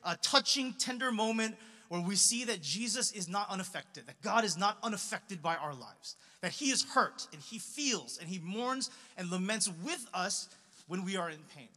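Bright-voiced young man preaching in a hall. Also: sits high, lively intonation, normal speed. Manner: casual, conversational preaching with many fillers and restarts. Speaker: pastor. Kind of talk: sermon. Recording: reverberant hall.

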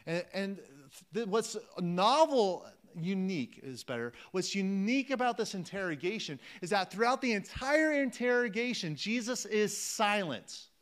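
A man's voice: high-pitched, lively intonation, normal speed, hardly any pauses, fairly bright tone. A man preaching a sermon, emphatic and repeating phrases for weight, calling his listeners friends.

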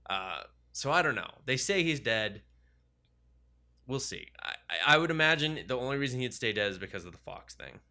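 A man in casual banter about superhero movies, joking and rambling, acting out characters in quick asides. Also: medium pitch, big pitch swings, sharp tone.

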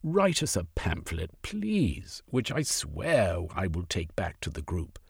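A man's voice: low voice, wildly swooping pitch, slow, vocal fry, husky, no echo, studio quality, exaggerated voice. A man voicing a passionate young aristocrat turned radical, pleading his case in a storybook reading. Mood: impassioned.

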